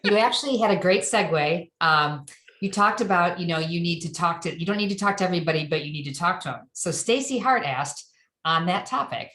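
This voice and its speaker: A woman moderating a webinar in a measured way, thanking the speaker and reading out audience questions. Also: lowish voice, animated, fairly bright tone, reverberant.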